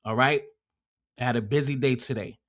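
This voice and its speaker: A man's voice: mid-range voice, steady tone, normal speed, fairly bright tone. An American man hosting a livestream, ranting in a heated, profane, combative way and often repeating himself. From United States. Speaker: livestream host.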